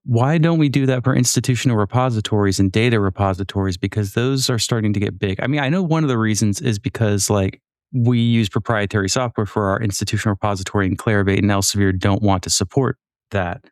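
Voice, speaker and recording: A man's voice: fairly low pitch, fast, no room sound, studio quality. A man hosting a casual podcast conversation, talking loosely and repeating words as he starts his points. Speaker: podcast host.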